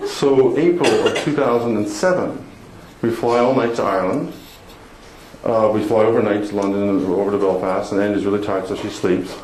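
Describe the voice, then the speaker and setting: A man with a lowish voice tells a personal story to a live audience, laughing along at his own jokes. His voice rings around an echoey hall, with noise clearly heard under it. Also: fairly quick. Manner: warm, laughing, self-deprecating storytelling. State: emotional. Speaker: motivational speaker. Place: conference hall before an audience.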